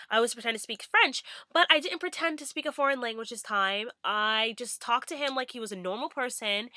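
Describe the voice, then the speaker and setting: A woman's voice: on the high side, pushed and bright, no room sound, clean studio sound. A young woman vlogging in a bubbly, rambling way with many fillers. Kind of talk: casual chatty vlog.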